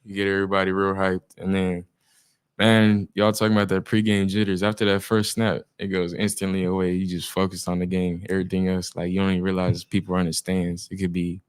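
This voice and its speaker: Teenage football player, man, low voice, smooth, flat delivery, informal, relaxed. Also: a little fast. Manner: relaxed, informal speech with "we be" phrasing and many "uh"s. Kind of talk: casual interview chat.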